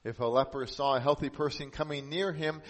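A man preaching a sermon as pastor, earnest, lifting his voice for emphasis and dropping soft and slow on key points. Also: mid-range voice, fairly even intonation.

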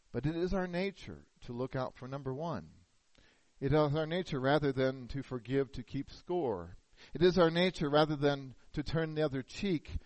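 A middle-aged pastor preaching a sermon, telling a story and asking rhetorical questions. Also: male voice, mid-range voice, darkish tone, no room sound, low-quality recording.

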